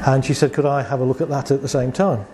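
A man's voice: mid-range voice, steady tone, fast talker, background noise. A man, a therapist talking casually about his work, telling client stories and acting out both sides of the dialogue with rhetorical questions. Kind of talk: conversational talk with client anecdotes.

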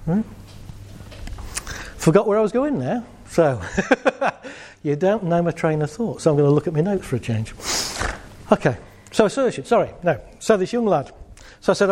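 Middle-aged man, warm relaxed timbre, chatty live-talk speaker with a joking streak. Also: high-pitched, normal speed. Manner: chatty, jokey, laughs at his own stories. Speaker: speaker giving a talk on assertiveness. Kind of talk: casual talk to a live audience.

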